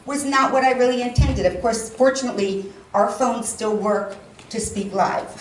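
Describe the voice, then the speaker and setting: A woman giving a talk on stage, animated, and acting out quoted lines with emphasis. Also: on the high side, normal speed, a little hiss or hum. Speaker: speaker. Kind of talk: public talk. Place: stage in a large hall. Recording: roomy hall sound from a distance, faint ambience.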